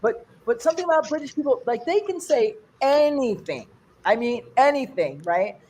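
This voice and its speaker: For an online fundraiser, an older woman from the United States performs a stand-up set, rambling conversationally and jumping her pitch up high whenever she mimics other people's accents. Her voice is animated, husky and a little mellow, at a normal speed.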